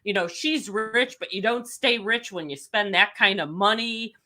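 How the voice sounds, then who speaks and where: A woman's voice: medium pitch, moderate pace, sharp tone. A woman co-hosting a talk show, chatting in a giggly, playful way. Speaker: co-host. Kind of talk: casual chat.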